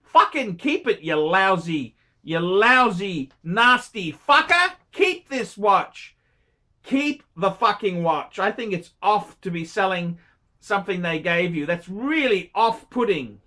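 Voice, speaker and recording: An Australian man lays into a viewer in an off-the-cuff watch review, swearing freely and talking bluntly. His voice is bright and forceful, with a scolding edge. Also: high-pitched, animated, slow pace. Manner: blunt, heavily profane, scolding. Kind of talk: unscripted paid review rant.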